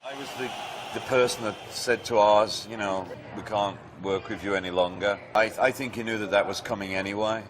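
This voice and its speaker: A band member speaking quietly and earnestly, reflecting on a hard decision. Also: male voice, lowish voice, fairly even intonation, fairly quick, background noise.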